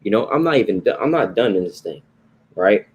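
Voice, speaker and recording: Very animated and a little fast, a man with a lowish voice teaches the Bible over slight background noise. The tone is informal and sermon-like, full of repetition and "you know" or "right?" check-ins.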